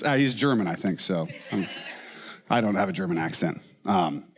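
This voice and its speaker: A man's voice: deep voice, brisk, slightly rough, long reverb tail. A man preaching a sermon, asking rhetorical questions and reading quotations aloud with rising emphasis. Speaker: pastor. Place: church auditorium.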